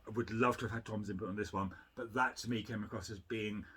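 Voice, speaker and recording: Man, husky, lowish voice, measured casual co-host. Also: steady tone, a bit bright. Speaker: podcast co-host. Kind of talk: casual review chat.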